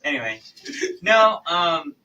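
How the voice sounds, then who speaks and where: A man's voice: a little high, very animated, takes it slowly, pushed and bright, recorded from a distance, highs cut off. A man co-hosting a podcast, chatting casually and teasing the others. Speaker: podcast co-host. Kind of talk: casual chat.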